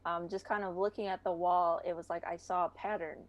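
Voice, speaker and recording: A woman's voice: lowish voice, little pitch movement, brisk, highs cut off. Chatty young woman podcast guest. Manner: chatty, laughs often, many fillers. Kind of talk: casual chat.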